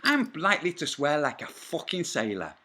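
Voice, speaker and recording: Bloke ranting into his vlog, tense sharp voice, swears a lot, all over the place pitch-wise. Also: huge pitch swings, moderate pace. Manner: combative, profane, rambling asides. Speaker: vlogger. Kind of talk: angry first-person storytelling.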